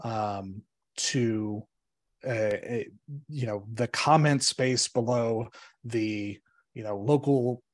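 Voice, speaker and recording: A male attorney explains court cases as a podcast guest, in an ordinary middle-pitched voice. He talks in a measured, halting way, filling pauses with ums and uhs. The sound is dry and close. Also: dry recording.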